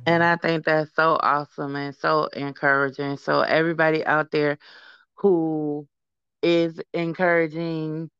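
Woman guest, earnest testimony, smooth clear voice, dry and slightly dull call audio. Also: low voice, unhurried, no echo. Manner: earnest, animated, acts out quoted voices. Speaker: guest, founder of a support program. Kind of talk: casual interview testimony.

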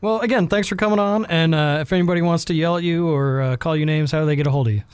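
A man's voice: a little high, quick pace, clear, resonant tone, no echo. A man co-hosting a podcast in casual chat who laughs often and swears casually. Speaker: podcast co-host.

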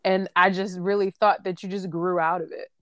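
A woman co-hosting a casual podcast, emotional and animated, laughing often. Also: on the low side, normal speed, no echo, studio quality. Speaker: podcast co-host, sister of the guest. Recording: crowd noise behind.

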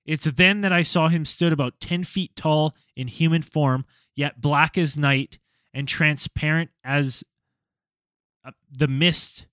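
A man's voice: a little high, steady tone, slow, fairly bright tone, dry recording. A young man hosting a podcast, reading a creepy listener story aloud and then chatting casually with some swearing. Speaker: podcast host.

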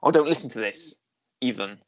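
A man's voice: medium pitch, a little fast, a loud crowd. A British man co-hosting a casual chat, rambling and jokey, often hesitating while he hunts for a word. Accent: British English. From England. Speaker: podcast co-host.

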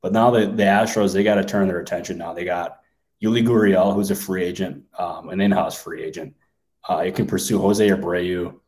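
A man co-hosting a sports podcast, musing casually and thinking out loud with many fillers. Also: deep voice, steady tone, a little fast. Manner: thinks aloud with many ums and likes. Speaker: podcast co-host, sports reporter.

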